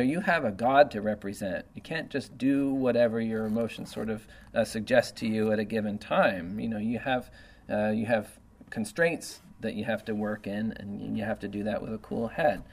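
A man teaching an informal Bible lesson in a voice of ordinary, mid-range pitch. He reads scripture aloud, then breaks off to comment in a loose, chatty way. He checks in with his listeners through frequent fillers and tag questions. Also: a little mellow.

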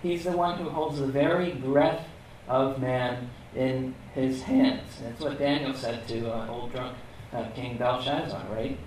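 A man's voice: medium pitch, fairly even intonation, a little slow, darkish tone, slight background noise. A man teaching a Bible lesson in a casual, conversational way, asking rhetorical questions and often checking in with "okay?". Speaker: preacher. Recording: echoey room, mic at a distance.

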